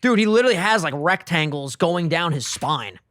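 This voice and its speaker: High-voiced man, animated casual storyteller. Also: fairly quick. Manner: animated storyteller, swears a lot, acts out the quoted voices. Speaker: podcast co-host. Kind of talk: casual chat, retelling a TV scene.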